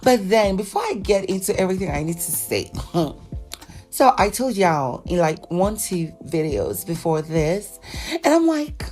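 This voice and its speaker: A woman's voice: fairly low pitch, very animated, a little slow, a little mellow, faint music behind. A woman vlogger giving a casual, dramatic recap of reality-TV gossip, acting out the people she quotes.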